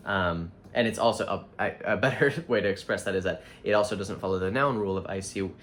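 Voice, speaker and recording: A man teaching Spanish vocabulary in a relaxed, thinking-aloud way, with frequent fillers and restarts. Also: low-pitched, quick pace, a little hiss or hum. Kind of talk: casual explanatory lesson.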